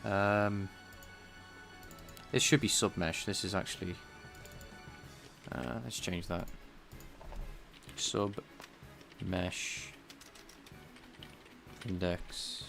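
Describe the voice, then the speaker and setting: A man's voice: lowish voice, slow pace, creaky, pauses often, fairly bright tone, faint music behind. A man live-streaming his programming work, thinking aloud in a casual, rambling way and chatting with viewers. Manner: rambling and self-deprecating, chatting with viewers between tasks.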